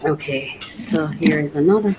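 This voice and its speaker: A woman's voice: low voice, normal speed, very noisy. A woman vlogger chatting casually as she unboxes, exclaiming often and laughing between phrases. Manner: thinks aloud about her life.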